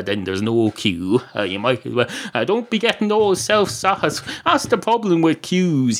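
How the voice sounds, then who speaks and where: A man hosting a podcast, delivering a rambling comic monologue that digresses and interrupts itself with frequent uhs. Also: mid-range voice. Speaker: podcast host.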